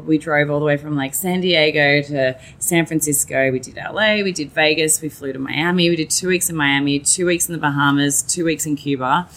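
A woman's voice: low voice, brisk, hardly any pauses. A woman telling a personal story in casual chat, acting out what she and others said, and swearing now and then. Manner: animated, quotes herself and others in lively voices. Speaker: guest.

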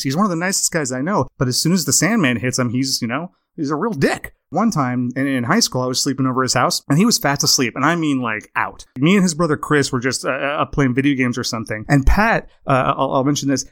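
Guy hosting a comedy podcast, rambly and self-mocking, mid pitch, dry sound. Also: a bit bright, no echo. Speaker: podcast host.

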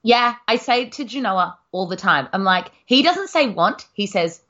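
A woman's voice: medium pitch, animated, moderate pace, a bit bright, dull audio. A woman with a broad, laid-back Australian accent, co-hosting a podcast in casual, laughing chat. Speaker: podcast co-host.

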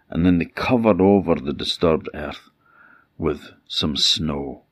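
A man from Orkney with an Orcadian Scottish accent, telling a traditional folktale in an animated, wry, conversational way. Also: low voice, no room sound, highs cut off. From Orkney, Scotland. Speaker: traditional storyteller. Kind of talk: oral folktale storytelling.

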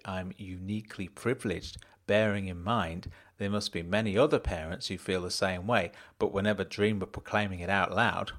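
A man's voice: deep voice, fairly bright tone. A man narrating an audiobook in the first person, dry and matter-of-fact.

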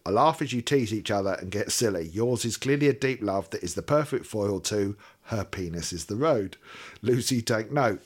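A man's voice: on the low side, lively intonation, normal speed, breathy edge. A man co-hosting a podcast, reading a listener's letter aloud steadily and adding wry asides. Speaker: podcast co-host.

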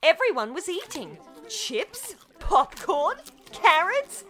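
A woman reading a children's story aloud, expressive and playful with sound-effect words. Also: extremely high pitch, slow pace, soft background music.

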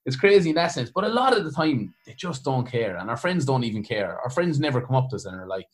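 Irish male comedian guest, fast lively storyteller, mid pitch. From Ireland. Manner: fast, animated storytelling with quoted voices. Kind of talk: casual chat.

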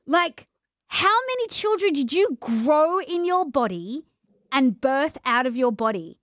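A young adult woman hosting a casual conversation, animated and acting out the voices of people in her stories. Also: high-pitched, a little slow, dry recording, studio quality. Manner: animated, acts out quoted voices. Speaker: podcast host.

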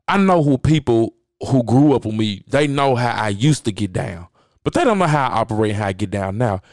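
A man's voice: mid-range voice, darkish tone, no room sound, studio quality. Blunt, preachy man ranting on a podcast. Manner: blunt, preachy, repeats phrases for emphasis. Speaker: podcast host. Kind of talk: profane motivational podcast rant.

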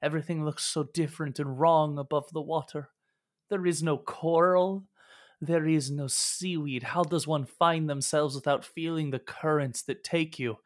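A man's voice: a little high, steady tone, moderate pace, pitched above the performer's own voice, natural voice. A man voicing a lost, fretful sea woman. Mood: wistful. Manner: lamenting, wistful, effusive.

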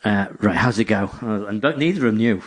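A man's voice: fairly low pitch, fast talker. A man, chatting casually as a podcast co-host and telling rambling stories. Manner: rambling, animated storytelling with acted quotes. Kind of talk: casual chat.

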